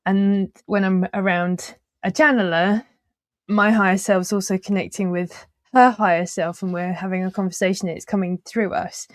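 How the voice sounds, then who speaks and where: A woman's voice: medium pitch, steady tone, normal speed, no room sound. Meandering woman host, dry close sound. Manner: meandering, trailing sentences with frequent fillers; laughs easily while talking. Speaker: podcast host. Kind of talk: casual conversational interview.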